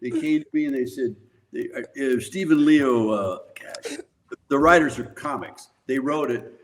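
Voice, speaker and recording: A man's voice: mid-range voice, moderate pace, slight background noise, poor audio. An older man, a podcast guest, telling rambling, profane anecdotes in casual conversation and laughing often. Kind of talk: casual storytelling.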